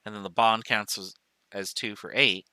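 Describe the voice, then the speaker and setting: His voice is lowish, steady in tone, very bright, crisp and smooth as this male chemistry professor lectures on a recording at normal speed. Each step is spoken aloud, with items counted off and self-corrections made in passing. Close, dry sound with no room ambience.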